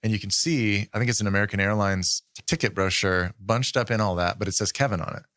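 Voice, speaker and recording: Man, thirties, podcast co-host, measured explainer, lower voice, dry room. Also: fairly bright tone, dry recording. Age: 30s. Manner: explanatory, measured, with frequent ums. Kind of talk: casual chat.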